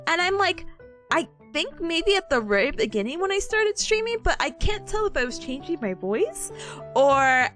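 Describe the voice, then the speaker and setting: Very high, bubbly streamer woman. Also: sing-song, moderate pace, a bit bright, faint music behind. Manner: giggly, bubbly, talks with a smile. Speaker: VTuber streamer. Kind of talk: casual chat reading stream chat.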